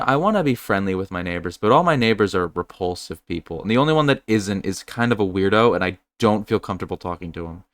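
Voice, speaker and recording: A podcast co-host with a lowish voice tells rambling, profane stories in an animated, casual chat. The recording is dry and of studio quality.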